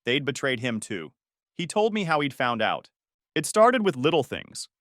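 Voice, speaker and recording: An expressive male narrator recounting a family drama in the first person, his pitch swinging widely as he tells it. The recording is dry and close, with no room around the voice. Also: moderate pace, dry recording. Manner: emotional, with angry outbursts in quoted lines.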